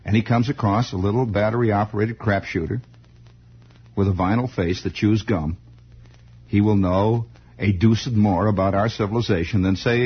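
A man's voice: lowish voice, breathy edge. A man hosting late-night radio, delivering a wry, sardonic rambling monologue. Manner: wry, sardonic, mock-grumpy. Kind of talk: rambling monologue with sing-alongs. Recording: lo-fi old radio broadcast.

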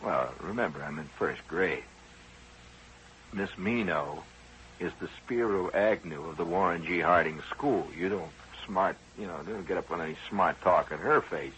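A man's voice: deep voice, normal speed, fairly bright tone, a little hiss or hum, low-quality recording. A man hosting a radio show, telling a rambling personal story in a conversational, wry way with frequent asides to his listeners.

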